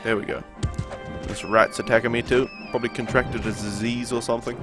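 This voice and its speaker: Young Kiwi streamer, New Zealand accent, mid-pitched and easygoing, chatting over loud game music. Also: male voice, fairly quick. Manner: relaxed, rambling, laughs often. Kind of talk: casual chat while playing, reading out chat.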